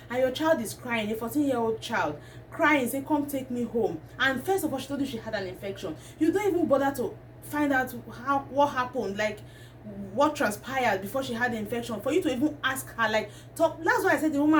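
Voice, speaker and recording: Indignant woman vlogger. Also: high voice. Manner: indignant, ranting commentary. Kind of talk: talking to camera. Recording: distant mic, faint background noise.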